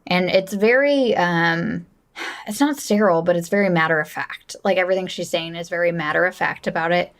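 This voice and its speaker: A woman co-hosting a podcast, talking casually about a film in a relaxed, chatty way and laughing along. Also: on the low side, a little fast. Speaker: podcast co-host. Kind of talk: casual movie chat.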